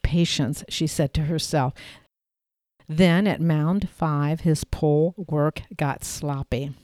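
Woman reading a novel aloud, deep smooth voice, dry close sound. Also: steady tone, slow, warm tone, no echo. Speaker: narrator. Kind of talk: audiobook narration.

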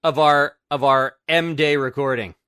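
A man's voice: a little high, fairly even intonation, measured pace, bright, forceful tone, clear, resonant tone, no room sound, studio quality. A man co-hosting a podcast who makes wry remarks and steers the conversation to the next topic. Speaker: podcast co-host. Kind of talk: casual podcast chat.

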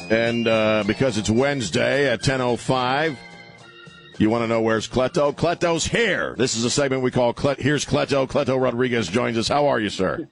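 A middle-aged man hosting a talk radio show, joking wryly and chatting casually with a guest in the studio. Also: mid-range voice. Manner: joking, wry, drops into quick put-on voices. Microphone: studio microphone.

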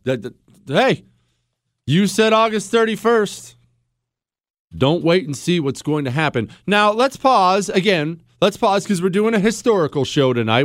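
A man's voice: fairly high pitch, dry recording, studio quality. A man hosting a talk radio show, giving a sarcastic, theatrical monologue.

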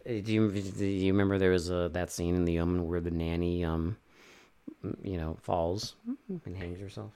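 A man's voice: low voice, steady tone, moderate pace, warm tone, smooth. A man co-hosting a casual podcast, recapping a movie scene by scene. He rambles and swears freely, often restarting his sentences mid-thought. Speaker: podcast co-host. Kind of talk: casual movie review chat.

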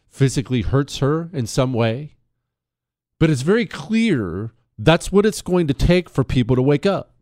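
A man's voice: high voice, a little mellow, no room sound, clean studio sound. A man hosting a talk radio show, delivering a blunt, combative opinion monologue in a sarcastic tone. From United States, Ohio River area.

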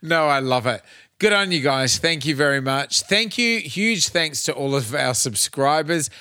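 A man's voice: medium pitch, moderate pace, bright, forceful tone, smooth, dry recording. A man with an Australian accent co-hosting a podcast in casual chat, loose and upbeat, a little tipsy. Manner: loose, chatty, upbeat plugs. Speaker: podcast co-host.

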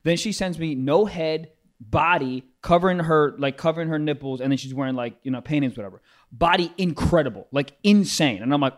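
A young man hosting a casual podcast chat, animated, swooping up high when he quotes people. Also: quick pace. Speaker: podcast host.

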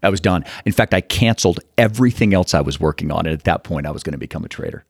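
A man in his fifties from Utah, telling animated stories as a guest in an interview and acting out the people in them. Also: low-pitched, racing, creaky, slightly rough, no echo, studio quality. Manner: animated, acts out quotes in the story. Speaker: guest, fund manager. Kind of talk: storytelling interview.

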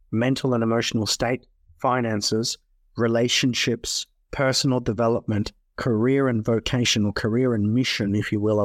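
A man hosting a wellness podcast, giving an earnest motivational presentation with repeated phrases and soft, slowed emphasis. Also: mid-range voice, no room sound. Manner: earnest, repetitive, slow soft emphasis on key lines.

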